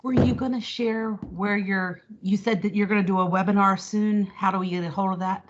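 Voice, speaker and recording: A woman's voice: medium pitch, fairly even intonation, fairly quick. A woman attending an online conference session, asking the speaker casual, direct questions. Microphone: video call. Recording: dull lo-fi call audio.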